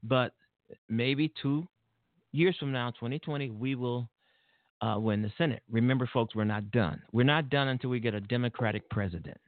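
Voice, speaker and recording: A man's voice: medium pitch, normal speed, dry recording. Heated man ranting over a phone line. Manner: heated, profane, rambling with restarts. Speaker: political talk show host. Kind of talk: angry political commentary. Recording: tinny phone-like line, dry.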